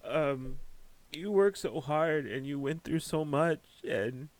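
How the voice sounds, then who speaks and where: A tarot reader with a fairly high voice gives a spiritual reading while emotional and close to tears. He speaks slowly and keeps breaking off mid-sentence to compose himself.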